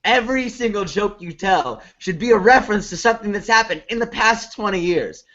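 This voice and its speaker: A man's voice: high-pitched, a little fast, sharp tone. A man playing a blustering improv teacher. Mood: lecturing. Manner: bombastic, berating, barking insults. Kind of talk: comedy sketch acting. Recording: lo-fi recording.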